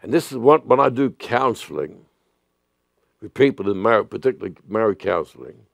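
A man preaching a sermon as a pastor, speaking earnestly and deliberately with repeated phrases and sudden loud outbursts. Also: fairly low pitch, lively intonation, creaky, no room sound.

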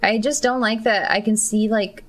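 A woman's voice: on the high side, fairly even intonation, normal speed. A young woman giving casual, giggly gameplay commentary full of crude jokes. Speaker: game streamer.

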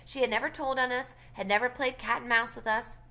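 A woman teacher reading a novel aloud for her class, pausing for brief explanations. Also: a little high, fairly even intonation, pushed and bright.

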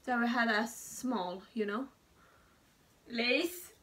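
A woman's voice: fairly high pitch, slow. A young woman from Sweden chatting and giggling through a candy taste test. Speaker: vlogger tasting candy. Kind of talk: casual chat. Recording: loud music underneath.

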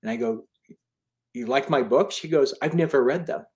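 A man's voice: medium pitch, normal speed, darkish tone. A man in his fifties, an author and charity founder, telling stories in a casual interview in an earnest, rambling way. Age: 50s. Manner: earnest, rambling with restarts and fillers.

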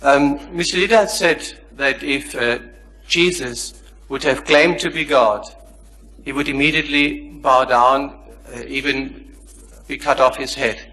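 A man's voice: medium pitch, steady tone, measured pace, pushed and bright, poor audio. A man in the audience putting a long question, polite but persistent, reading scripture aloud. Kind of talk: formal question from the floor.

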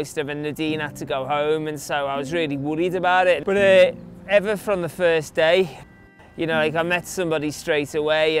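A young adult man from England with an English accent, casually telling stories from his run in an interview, chatty and full of fillers. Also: fairly high pitch. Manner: chatty, anecdotal, many fillers. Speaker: interviewee, long-distance runner.

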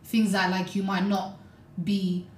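A woman's voice: mid-range voice, measured pace, a little hiss or hum. Chatty woman in an echoey room. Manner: animated storytelling with many "like"s and "you know"s. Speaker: podcast co-host. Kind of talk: casual podcast chat.

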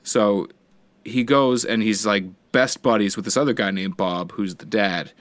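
Low-voiced rambling male podcaster. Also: fairly even intonation, unhurried, no room sound. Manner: rambling storyteller, swears freely, acts out quotes. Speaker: podcast co-host. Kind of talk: casual chat.

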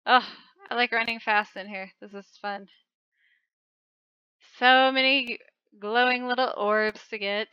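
Woman host, excitable and gasping, commenting on her own play. Smooth, crisp voice on a dry, dull recording. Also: on the high side, unhurried, no echo. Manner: excitable, frequent gasping exclamations. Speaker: channel host. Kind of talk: casual game commentary.

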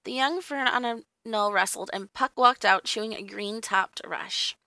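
Bright gravelly-voiced woman reading a story. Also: medium pitch, a little slow, no room sound. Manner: storytelling, gently expressive. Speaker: reader. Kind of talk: audiobook narration.

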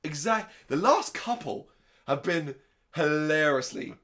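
A man co-hosting a casual movie review chat, animated and sarcastic, swearing often. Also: fairly high pitch, unhurried. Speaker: podcast co-host.

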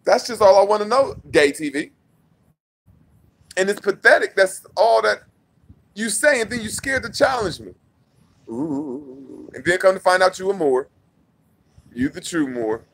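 A young man ranting at a rival vlogger in a heated, mocking way, repeating his challenge and swinging from loud outbursts to low mutters. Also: expressive, unhurried, creaky, pauses often, husky. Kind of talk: confrontational rant to camera.

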